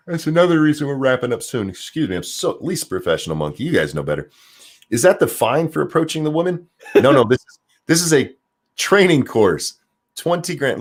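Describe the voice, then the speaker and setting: A man hosting a casual livestream, reading viewer comments with sarcastic asides. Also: fairly quick. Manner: animated, sarcastic, jumps high in pitch for jokes. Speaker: stream host.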